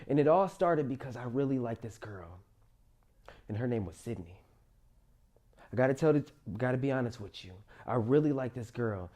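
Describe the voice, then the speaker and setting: A young man telling his own life story as a monologue, rising loud in places and sinking quiet in others. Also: medium pitch. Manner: emotional, rises loud then drops quiet. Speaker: motivational storyteller.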